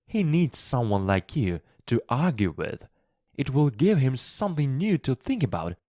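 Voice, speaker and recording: A worried young servant woman who begs for help, as a man reads her in a storybook for English learners. The voice is pitched well above a man's speaking pitch and sounds dry and close. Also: big pitch swings, normal speed, a little mellow, no room sound. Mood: encouraging. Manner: pleading.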